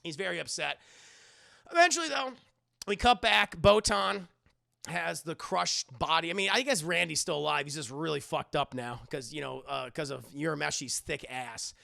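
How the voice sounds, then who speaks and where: A man streaming an anime review who tells the story in animated, profane casual talk to his live chat and acts out the characters. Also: on the high side, moderate pace, creaky.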